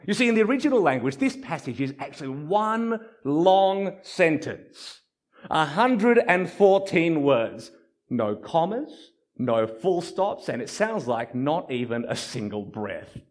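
A man preaching a sermon, repeating key phrases for emphasis and slowing down on them. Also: sing-song. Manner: emphatic repetition, drops low and slow on key phrases. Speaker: pastor.

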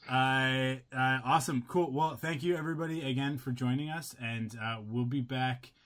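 A man's voice: medium pitch, fairly even intonation, normal speed, a bit bright. A man hosting a podcast, signing off in a loose, rambling way with lots of fillers. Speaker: podcast host. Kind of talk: casual podcast chat.

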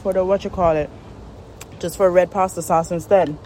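A woman's voice: on the low side, normal speed, noisy background. Woman venting casually outdoors on phone. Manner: rambling, venting, animated asides. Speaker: podcast host. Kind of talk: casual rambling monologue. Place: outdoors in the shade.

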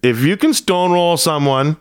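A man's voice: on the high side, lively intonation, unhurried, clear, resonant tone. Joking man in casual podcast banter. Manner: joking banter, sings snippets and riffs on bits. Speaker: podcast co-host. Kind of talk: casual chat.

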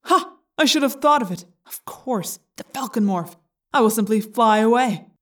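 A woman's voice: on the low side, moderate pace, natural voice. A woman reading a cold alien parasite. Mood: startled. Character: cold cruel male alien parasite controlling a boy. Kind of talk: audiobook character voice.

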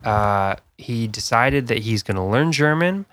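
A man's voice: mid-range voice, lively intonation, a little slow, a bit bright. A man co-hosting a podcast, relaxing into a long story with lots of fillers and laughs. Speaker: podcast co-host. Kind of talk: casual chat, storytelling.

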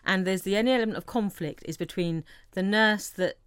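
A woman's voice: mid-range voice, a little fast, clean tone, no room sound, clean studio sound. A woman from England co-hosting a casual film chat, chatty and laughing often. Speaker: film podcast co-host. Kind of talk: casual chat about films.

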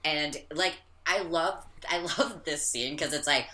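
Female co-host, very low and bright-toned, chatty and filler-heavy, casual film talk. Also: unhurried. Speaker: podcast co-host.

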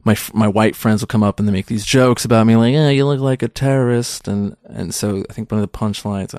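Rambling thirty-something comedian, dry sound. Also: male voice, on the low side, level tone, quick pace, darkish tone, no echo. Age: 30s. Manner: rambling, self-deprecating, many restarts. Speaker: stand-up comedian guest. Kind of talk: casual interview chat.

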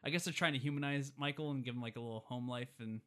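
A man with a bright, forceful voice talks through a film plot in a loose, rambling way. He leans on "like" and trails off mid-thought as he goes. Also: medium pitch, racing. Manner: rambling, lots of "like" fillers. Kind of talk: casual movie recap chat.

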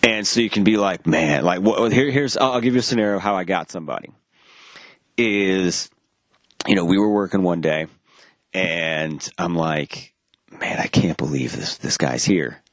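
A man's voice: sits low, normal speed, dry recording, studio quality. A man casually telling a long anecdote, acting out the quoted dialogue, rambling with restarts and the odd swear word. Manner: animated, acts out quoted dialogue; rambling with frequent restarts and profanity. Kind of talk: casual storytelling chat.

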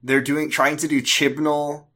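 A man's voice: on the high side, little pitch movement, a little slow, sharp tone. An American man co-hosting a casual podcast, talking in a conversational way with hesitant restarts. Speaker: podcast co-host. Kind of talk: casual chat.

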